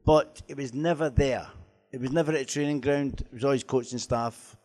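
A man's voice: mid-range voice, steady tone, a little fast, darkish tone, faint music behind. A man, a former footballer telling laughing, swearing anecdotes at a live stage Q&A.

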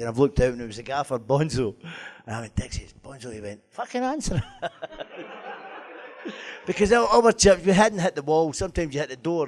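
A man's voice: mid-range voice, a little mellow. A man, a former footballer telling laughing, swearing anecdotes at a live stage Q&A.

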